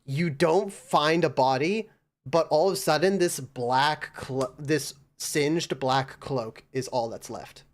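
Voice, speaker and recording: A man's voice: fairly high pitch, takes it slowly. A man narrating a tabletop game as game master, in casual speech full of fillers.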